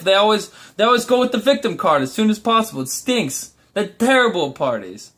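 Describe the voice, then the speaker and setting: A man's voice: high-pitched, big pitch swings, quick pace, few pauses, a bit bright. A young man vlogging in a blunt, profane, rambling monologue. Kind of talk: casual ranting monologue.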